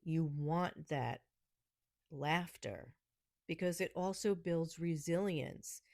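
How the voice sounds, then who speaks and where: Gravelly low-voiced New York woman. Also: takes it slowly, a little mellow, no echo, studio quality. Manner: snarky, sarcastic humor; laughs often between remarks. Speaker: podcast host. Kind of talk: casual solo podcast talk.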